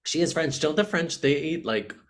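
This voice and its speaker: A man co-hosting a comedy podcast, chatting casually with crude, blunt jokes and sudden bursts of loudness. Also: a little high, lively intonation. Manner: blunt, crude and jokey, with quick swings in loudness.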